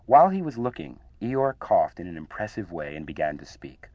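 A man reading a children's story aloud in an expressive, animated way, on a dull lo-fi 1970 archive radio recording. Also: lowish voice, fairly quick, few pauses, dry recording.

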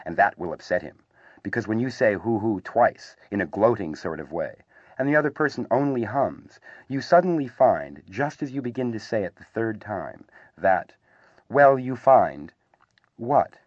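A man voicing a kindly, slow-witted male teddy bear who thinks things out slowly. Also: on the low side, animated, dry recording, highs cut off. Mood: pondering.

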